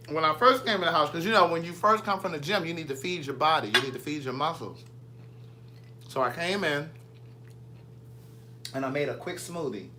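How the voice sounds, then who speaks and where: Man, bright forceful voice, pitched a touch high, easygoing vlogger chatter with viewers. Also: slight background noise. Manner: chatty, playful, answers viewer comments. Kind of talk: casual live chat with viewers. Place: home kitchen.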